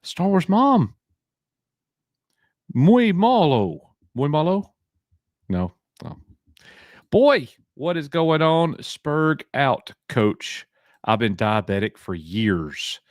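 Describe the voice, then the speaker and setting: A man's voice: fairly high pitch, big pitch swings, slow pace, no room sound, clean studio sound. A man from Alabama with a Southern accent, hosting a casual live stream, joking and bantering as he reads names from chat.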